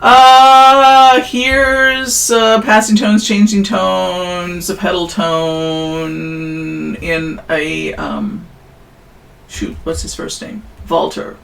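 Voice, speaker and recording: Chatty woman teaching with vocal fry. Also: lowish voice, flat delivery, drawn-out words, fairly bright tone, slight background noise, low-quality recording. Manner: casual, chatty, self-deprecating asides. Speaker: music theory instructor. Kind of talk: recorded lecture.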